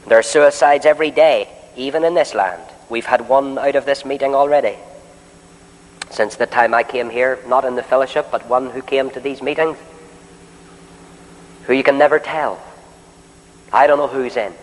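A man preaching a sermon in a meeting hall, swinging between loud, drawn-out declarations and soft, pleading questions aimed straight at the listeners. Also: mid-range voice. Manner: addresses listeners directly with questions. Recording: long hall reverb.

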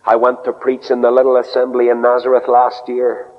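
A man preaching a sermon, telling stories earnestly and dropping low and soft for quoted words. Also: completely flat delivery, brisk. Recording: dull radio broadcast with long reverb.

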